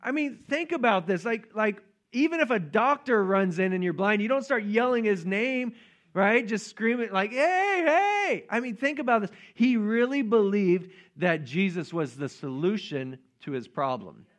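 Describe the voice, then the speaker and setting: A man's voice: sits high, normal speed. A man preaching a casual, joking sermon and acting out the voices of Bible figures. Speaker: pastor.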